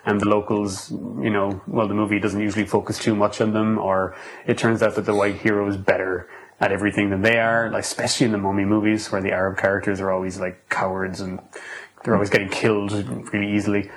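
A man's voice: lowish voice, quick pace, slight background noise, low-quality recording. A man co-hosting a casual film podcast, retelling scenes and quoting lines with lots of fillers. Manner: animated retelling with quoted lines. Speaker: podcast co-host. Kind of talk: casual film review chat.

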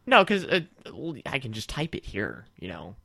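A man co-hosting a casual online show, chatting in an animated, rambling way with restarts. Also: mid-range voice, normal speed, vocal fry, no echo, studio quality. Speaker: co-host. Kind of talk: casual chat.

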